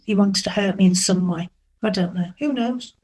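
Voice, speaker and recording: A middle-aged woman telling candid dating stories in an interview, animated and acting out what people said. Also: medium pitch, moderate pace, low-quality recording. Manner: candid, animated, acts out quoted dialogue. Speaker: interview guest. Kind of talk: frank storytelling.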